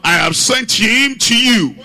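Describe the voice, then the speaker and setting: A man's voice: extremely high pitch, lively intonation, takes it slowly, gravelly, sharp tone. A man preaching a sermon in an emphatic, repetitive cadence, building phrase on phrase. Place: evangelistic service in Nigeria.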